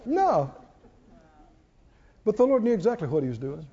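High, lively male preacher. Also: moderate pace, highs cut off. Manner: animated storytelling, leads call-and-response prayer. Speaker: pastor. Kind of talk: sermon.

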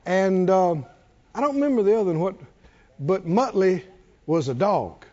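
Pastor type, man, high voice that swoops a lot, preaching to a crowd, muffled lo-fi recording. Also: moderate pace. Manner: animated preaching, jokes with congregation, does cartoon voices. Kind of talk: sermon.

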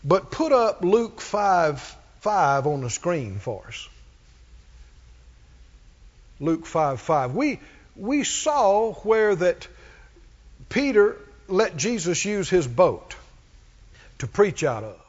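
A man's voice: high-pitched, big pitch swings, takes it slowly, long pauses. A man preaching a sermon, repeating phrases and calling for responses from the congregation. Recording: dull audio in a reverberant hall.

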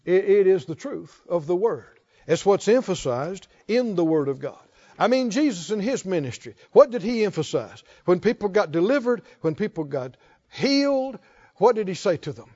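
A male pastor preaching a sermon, slow and emphatic, rising to fervent calls to his congregation. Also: sits high, big pitch swings, a little mellow, dull audio.

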